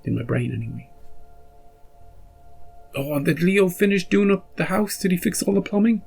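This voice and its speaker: Gravelly-voiced man musing casually. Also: high-pitched, lively intonation, normal speed, long pauses, darkish tone, faint music behind. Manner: rambling, self-interrupting, chuckles often. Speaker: reaction video host. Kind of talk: casual after-episode musing.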